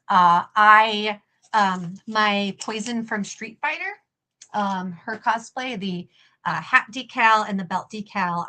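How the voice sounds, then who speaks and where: Bright-voiced woman chatting while crafting. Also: mid-range voice. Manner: chatty, self-deprecating, talks while working. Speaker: livestream host and prop maker. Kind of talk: casual crafting livestream chat.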